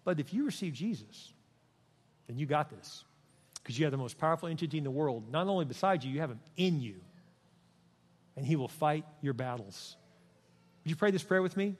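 An older man preaching a sermon as pastor, emphatic and repetitive, dropping to a soft voice for prayer. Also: a little high, animated, fairly quick, pauses often. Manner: emphatic, repeats lines with the congregation, softens for prayer. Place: large church sanctuary. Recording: long reverb of a large church hall.

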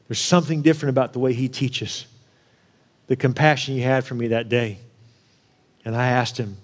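A man delivering a sermon in a conversational style, swinging between emphatic and soft, quiet storytelling. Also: mid-range voice, fairly even intonation, fairly quick. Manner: conversational preaching, rising to emphatic then dropping soft and quiet. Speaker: pastor.

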